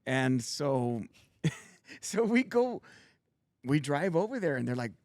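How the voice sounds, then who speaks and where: A man, telling animated stories and acting out the people in them as a guest. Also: fairly high pitch, a little slow, pauses often, dry recording, studio quality. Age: 50s. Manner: animated storyteller acting out voices. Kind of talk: casual storytelling.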